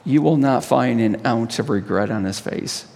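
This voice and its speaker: A male pastor leading communion with an impassioned sermon, swelling to high cries and dropping to hushed tones. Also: normal speed, creaky, long reverb tail.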